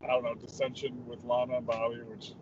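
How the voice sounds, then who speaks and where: A man's voice: medium pitch, monotone, fairly quick, noisy background. A man co-hosting a podcast in casual chat, agreeable and matter-of-fact. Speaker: podcast co-host. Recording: dull lo-fi audio.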